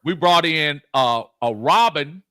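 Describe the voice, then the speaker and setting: A man co-hosting a casual sports talk show, halting and repeating his words as he argues a point. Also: fairly high pitch, animated, bright, forceful tone. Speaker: co-host.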